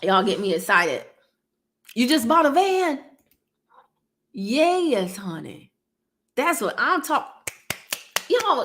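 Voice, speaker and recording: A woman's voice: medium pitch, a bit bright. A woman, hosting a live stream, chatting casually with her viewers and laughing often.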